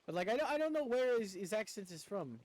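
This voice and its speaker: A male streamer talks through his game in loose, rambling commentary, tripping over his words and mocking himself. His voice sits high and swings widely in pitch. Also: big pitch swings, fast talker. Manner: rambling, stammering, self-mocking. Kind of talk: casual gameplay commentary.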